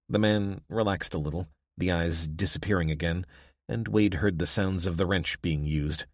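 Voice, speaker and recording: A man narrating a survival audiobook in steady, measured scripted narration. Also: sits low, no room sound, studio quality.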